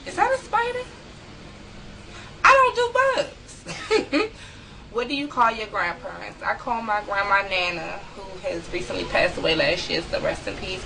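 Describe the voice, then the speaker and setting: A young woman, vlogging casually from home, chatty and quick to laugh. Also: fairly low pitch, gravelly, background noise. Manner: chatty, laughs easily, talks to viewers. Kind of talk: casual vlog, reading a word list aloud. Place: room at home.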